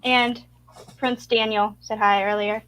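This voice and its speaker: A woman's voice: medium pitch, little pitch movement, takes it slowly, fairly bright tone, no room sound, rough recording. A woman hosting a livestream in casual chat, greeting viewers and jumping from topic to topic. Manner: chatty, greets viewers, jumps between topics. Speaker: livestream host.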